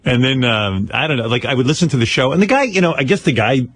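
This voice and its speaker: A man hosting a radio talk show, rambling through anecdotes in an animated, storytelling way. His voice sits at a middling pitch but swings widely up and down. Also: fast, dry recording. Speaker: radio host.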